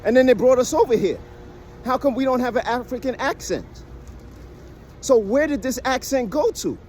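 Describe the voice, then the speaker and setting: A man's voice: extremely high pitch, lively intonation, moderate pace, a little mellow, slight background noise. A man from the United States giving a casual, emphatic monologue to his viewers, often tossing in "right?" as he argues a point. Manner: keeps asking "right?" as he lectures; emphatic, questioning, persuasive. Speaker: vlogger. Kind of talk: casual talking-to-camera monologue.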